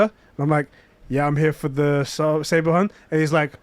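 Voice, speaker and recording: A man's voice: a little high, a little fast. A man co-hosting a casual podcast, telling a story with lots of energy and acting out the quoted voices. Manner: animated, acts out quoted voices. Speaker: podcast co-host.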